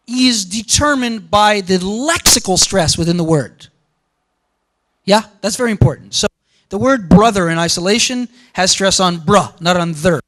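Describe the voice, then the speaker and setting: Male linguistics lecturer, higher-pitched voice, energetic, emphatic classroom delivery. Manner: animated, repeats words for emphasis, asks "okay?" and "yeah?" to the room. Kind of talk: university lecture.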